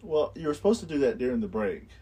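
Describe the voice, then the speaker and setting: Joking podcast host, husky and lively. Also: male voice, mid-range voice, fast talker. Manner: joking, hesitant with many uh fillers. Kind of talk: casual podcast banter.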